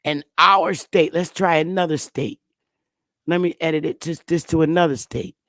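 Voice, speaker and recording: A woman hosting a casual livestream, talking bluntly with profanity and excited exclamations. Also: low-pitched, normal speed, no echo. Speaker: livestream host.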